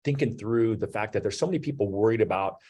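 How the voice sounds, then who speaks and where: Low-voiced man hosting a business webinar. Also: fast, warm tone, husky. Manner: conversational, many fillers like "you know" and "um". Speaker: host. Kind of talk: webinar talk.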